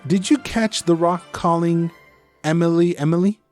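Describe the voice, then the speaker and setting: There's faint music behind this podcast co-host, whose fairly high, slightly mellow voice keeps a fairly even intonation at normal speed. In a casual movie discussion, he swears, reenacts his own reactions, and mixes English with Spanish slang.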